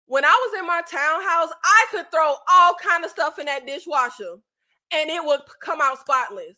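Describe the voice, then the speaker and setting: High-pitched woman, bright voice, rambling live chat w/ subscribers, cusses a lot, lots of "like". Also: moderate pace. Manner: animated, swears freely, frequent fillers and restarts. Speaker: YouTube host.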